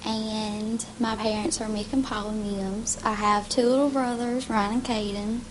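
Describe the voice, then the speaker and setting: A soft-spoken teenage girl with a Southern accent, speaking sweetly in an interview. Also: medium pitch, little pitch movement, measured pace, background noise. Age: teens. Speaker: student interviewee.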